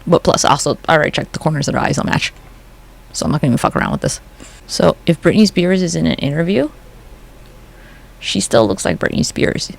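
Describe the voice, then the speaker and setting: A profane, gossipy vlogger talks through photos in a loose, unscripted rant and keeps breaking into little acted-out quotes. The voice is gravelly and swings widely up and down in pitch. Underneath the energy, the speaker sounds a little bummed. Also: animated. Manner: profane, gossipy, acts out quick mock quotes. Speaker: conspiracy commentary vlogger. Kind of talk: casual rant over photos.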